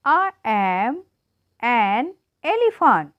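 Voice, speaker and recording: A woman teacher slowly reading animal riddles to children in an emphatic, sing-song way. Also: a little high, very animated, dry recording. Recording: dull lo-fi dry sound.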